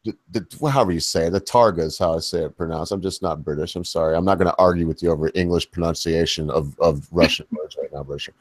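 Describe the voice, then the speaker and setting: A lower-voiced man rambles through a casual panel chat as its host, folksy and loose, often stopping to correct himself. The sound is dry and close, with no room echo. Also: steady tone, quick pace, few pauses.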